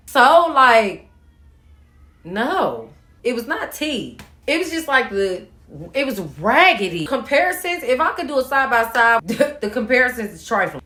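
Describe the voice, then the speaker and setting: Woman spilling a messy story, lots of cursing, roomy echo, animated. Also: on the high side. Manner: animated, profane, acts out quotes. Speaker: storytime host. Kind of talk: casual storytime monologue.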